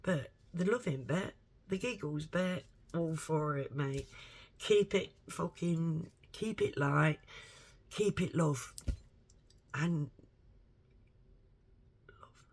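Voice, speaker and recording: A woman's voice: low-pitched, slow pace, a little mellow, husky. A woman vlogger giving a blunt, rambling opinion monologue to camera, swearing heavily and speaking emphatically.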